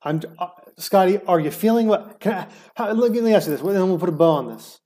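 A man's voice: sits high, fairly quick, mellow. A man in casual argumentative banter on a call, defensive and sarcastic, full of stammered restarts. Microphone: remote call mic.

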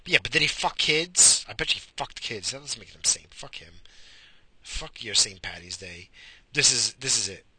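A man ranting sarcastically in a parked car, swearing and animated. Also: medium pitch, moderate pace, slight background noise. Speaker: vlogger. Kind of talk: profane ranting monologue. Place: pulled over in a car.

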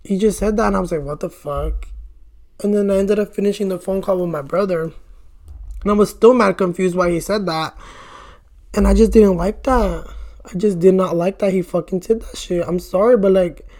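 A man's voice: sits high, fairly even intonation, brisk, darkish tone. Chatty young man telling a dating story. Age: young adult. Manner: chatty and rambling, with frequent swearing and "bro". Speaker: vlogger. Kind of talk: casual storytelling while doing makeup.

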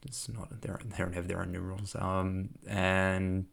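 A young man telling a personal story in a reflective way, laughing often and filling pauses with lots of ums. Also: sits low, flat delivery, gravelly, fairly bright tone.

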